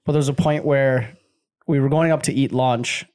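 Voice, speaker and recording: A man's voice: mid-range voice, steady tone, normal speed, darkish tone, clear, resonant tone. A young man in casual chat, rambling through a story with lots of fillers.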